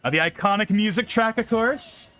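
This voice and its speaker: A man's voice: sits high, moderate pace, sharp tone, soft background music. A young man chatting casually on a live stream while playing a game, rambling, laughing often and repeating words.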